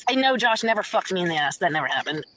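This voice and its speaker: Sesi belirsiz hızlı, küfürlü kadın yayıncı. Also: female voice, on the low side, big pitch swings, fast talker, crowd noise. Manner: profane, rambling, swings between muttering and shouting. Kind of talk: casual rant on a livestream.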